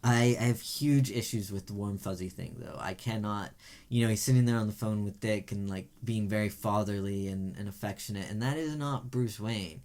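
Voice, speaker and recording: A man with a fairly low voice co-hosts a casual podcast chat. He reviews TV shows in an emphatic, opinionated way, pressing each point firmly. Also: moderate pace, a little mellow. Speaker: podcast co-host.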